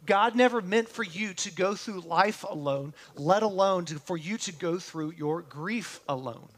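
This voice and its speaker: A pastor preaches a sermon, speaking earnestly and directly to his congregation and often putting questions to them. His voice is high, animated and unhurried, dropping to a hush on tender lines and rising again on words of hope.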